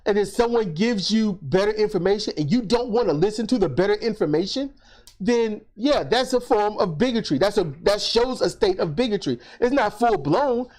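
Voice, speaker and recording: Animated, swearing guest on a call. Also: mid-range voice, normal speed. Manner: animated, profane, storytelling. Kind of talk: casual online discussion. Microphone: video call.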